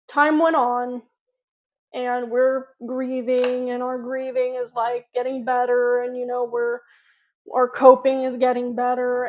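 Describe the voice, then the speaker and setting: A fairly high-voiced woman talks slowly through a personal story for her channel. She rambles, loops back and restarts her sentences. The recording is dull and lo-fi. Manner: rambling, filler-heavy, frequent restarts. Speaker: vlogger. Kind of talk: casual storytelling to camera.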